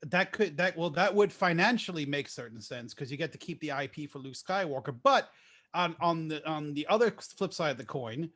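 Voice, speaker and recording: Man, high voice, podcast co-host, laughs often, animated storyteller. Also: a little fast. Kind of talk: casual group chat.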